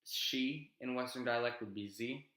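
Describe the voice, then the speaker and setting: A young man casually teaching his invented language, relaxed and rambling, with many ums and self-corrections. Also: medium pitch, normal speed, roomy sound. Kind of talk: casual explanatory lesson.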